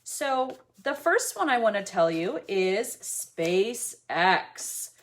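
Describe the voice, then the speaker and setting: A woman teaching an online lesson to young children, slow and sing-song in a teacherly way. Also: mid-range voice, very animated.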